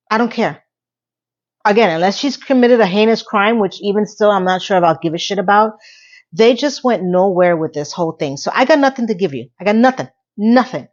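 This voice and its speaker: A woman with a slightly high, darkish voice rambles through a casual TV recap vlog, sarcastic and playfully exasperated. The YouTuber's audio is slightly dull and lo-fi.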